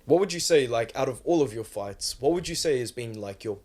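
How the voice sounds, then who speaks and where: A male podcast host asks his guest questions in a relaxed way, padding them with "like." His voice is mid-pitched and plain. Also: a little fast. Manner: relaxed, loose phrasing with "like". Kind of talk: casual interview questions.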